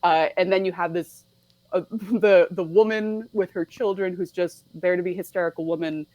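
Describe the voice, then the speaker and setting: Animated woman, lower voice, dry sound. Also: no echo, highs cut off. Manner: animated, acts out lines in quick put-on voices, laughs often. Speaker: podcast guest. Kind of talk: casual chat about a film.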